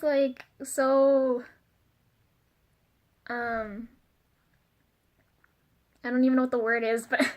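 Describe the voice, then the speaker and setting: A woman's voice: sits high, steady tone, slow pace, pauses often. A young woman talking in a casual confessional vlog, chatty and giggly, full of fillers and flustered asides. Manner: flustered and self-conscious. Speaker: vlogger.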